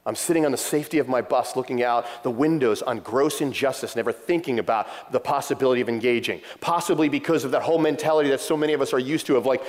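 A middle-aged man delivers a sermon in a large church hall, and his voice echoes with a long reverb. He speaks in a somewhat high voice and tells a story with passion, acting out the lines of the people in it. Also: fast, few pauses, darkish tone. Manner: impassioned storytelling, acting out quotes. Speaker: pastor.

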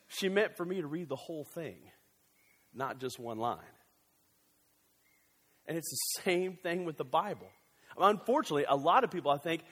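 A male pastor preaching a sermon in a church, animated and joking, with quick excited bursts. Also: sits high, big-room sound.

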